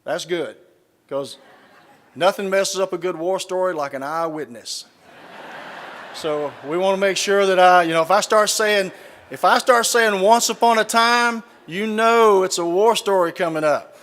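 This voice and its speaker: A man's voice: sits high, moderate pace, fairly bright tone. A middle-aged man with a Southern US accent telling folksy stories with dry punchlines to a live audience. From Southern United States. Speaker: keynote speaker. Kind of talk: speech with humorous anecdotes. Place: large conference hall, live audience. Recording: reverberant hall.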